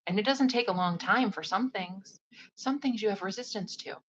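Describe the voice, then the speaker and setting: Soft half-whispering woman, rambling livestream talk. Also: mid-range voice, moderate pace, highs cut off. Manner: soft, often half-whispered, drifting delivery; loose, rambling with many "like" fillers. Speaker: psychic medium and spiritual advisor.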